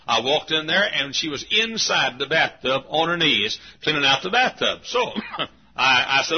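An older man from Texas, a pastor, telling folksy sermon anecdotes with frequent chuckles and loud acted-out quotes. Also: mid-range voice, lively intonation, normal speed, slightly rough, highs cut off. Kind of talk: sermon storytelling.

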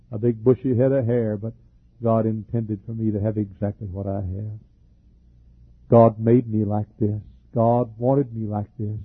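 An older man preaching a fervent sermon as pastor, with a husky, troubled voice, frequent coughs and repeated words. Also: lowish voice, dry recording. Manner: fervent preaching with repetitions and laughs. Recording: dry, phone-like lo-fi recording.

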